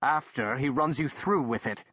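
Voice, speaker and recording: A man voicing an impatient, sharp-tongued doctor who snaps his words curtly. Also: mid-range voice, moderate pace, breathy edge, no echo, dull audio. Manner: curt, exasperated, snapping.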